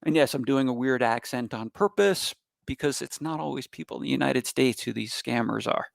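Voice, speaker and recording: A man giving a cybersecurity talk in an emphatic, animated manner, with bursts of loud stress. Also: medium pitch, fairly quick, gravelly, no echo, studio quality. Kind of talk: public presentation.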